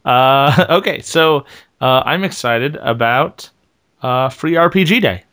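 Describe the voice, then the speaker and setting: Smooth-voiced easygoing male co-host. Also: medium pitch, animated, takes it slowly, fairly bright tone. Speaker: podcast co-host. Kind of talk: casual podcast chat.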